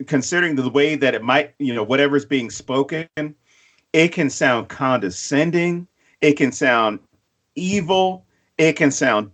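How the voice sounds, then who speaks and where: A man co-hosting a podcast, telling stories in a profane, animated way and acting out quotes. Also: a little high. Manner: acts out quotes in other voices. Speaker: podcast co-host. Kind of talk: casual chat.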